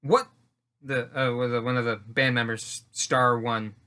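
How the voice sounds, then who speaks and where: A man's voice: mid-range voice, flat delivery, measured pace, pushed and bright, clean tone. A man reading a play aloud at home, stopping for mumbled, offhand asides. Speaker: reader.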